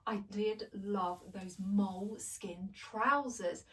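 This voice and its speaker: Recorded from a distance, this fashion vlogger, a middle-aged woman, speaks slowly in a mid-range voice with fairly even intonation. She chats her way through a clothes try-on haul at home, gushing, laughing often, and making fun of herself.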